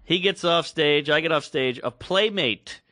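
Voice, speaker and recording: His voice sits on the high side and moves at a measured pace as he, a podcast co-host, tells a story in relaxed chat and animatedly voices the people in it. Studio-quality sound with no room echo.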